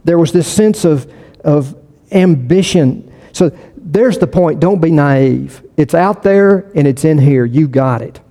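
Guy pastor preaching, kinda high mellow voice, loose chatty delivery, long church echo. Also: lively intonation, slow. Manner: conversational, with frequent restarts and repetition for emphasis. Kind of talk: sermon.

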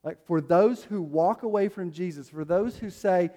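A man's voice: sits high, normal speed, few pauses, warm tone. A man preaching a sermon as a pastor, telling stories in a loose, conversational way with plenty of fillers. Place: church sanctuary. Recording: long hall reverb.

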